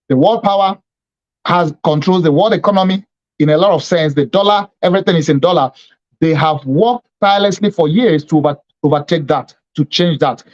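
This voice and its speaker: Bishop hosting a tv show, high voice, talks politics with emphasis, repeats his points, kinda muffled lo-fi audio. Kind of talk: political commentary.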